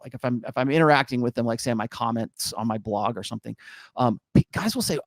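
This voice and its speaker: A middle-aged man, an author, explaining his views in a measured way in a casual podcast conversation. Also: fairly high pitch, animated, no room sound, studio quality. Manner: measured, explanatory, with fillers and restarts.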